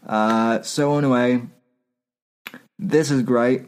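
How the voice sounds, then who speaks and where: A man's voice: mid-range voice, steady tone, slow, a little mellow, clean tone. A man hosting a podcast, reading satire aloud in casual commentary and often breaking into laughter. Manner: laughs while reading, loose and irreverent; frequent fillers and restarts. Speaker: podcast host.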